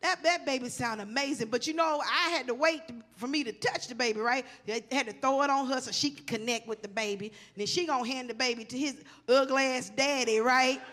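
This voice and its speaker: Forties woman comic on a stage; profane, animated storyteller with a bright, forceful voice. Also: high-pitched, a little fast, hardly any pauses. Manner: profane, animated, talks straight to the audience. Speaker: stand-up comedian. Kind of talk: stand-up comedy storytelling.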